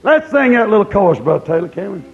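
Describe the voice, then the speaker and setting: High-voiced preacher man, lo-fi. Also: very animated, fast, soft background music. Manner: repetitive, emphatic preaching. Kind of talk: sermon at a camp meeting.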